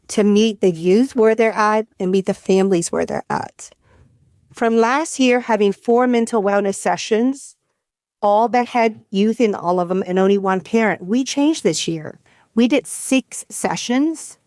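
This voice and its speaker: Her mid-range, slightly mellow voice comes through with no room sound. A middle-aged community program leader on a workshop panel, she talks earnestly and frankly in a conversational style, frequently starting her sentences over.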